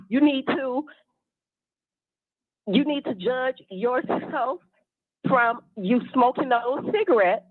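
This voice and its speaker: A woman's voice: high-pitched, no room sound. A woman caller who is an evangelist, delivering a preachy, indignant rant on a call-in show. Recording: tinny phone line.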